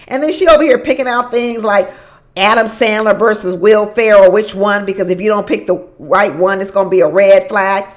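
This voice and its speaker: A woman giving a casual recap of a reality show. She is animated, often repeats phrases for emphasis, laughs often and talks straight to the people on the show. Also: medium pitch, a little fast. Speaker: reality show commentator and relationship coach.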